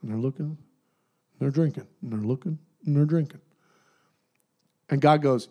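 Man preaching with dramatic soft-loud swings. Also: a little high, normal speed, long pauses. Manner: dynamic, swinging from loud to soft near-whispers. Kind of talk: sermon.

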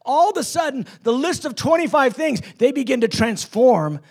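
A man preaching a sermon with passion, acting out quoted lines and swinging between loud declarations and hushed tones. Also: very high-pitched, sing-song, moderate pace, vocal fry, slightly rough.

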